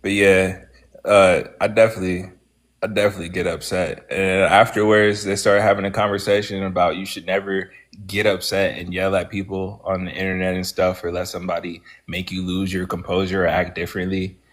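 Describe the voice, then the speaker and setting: Deep-voiced man, casual panel host. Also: level tone, brisk. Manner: swearing, exasperated, breaks into high-pitched outbursts. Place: online panel call.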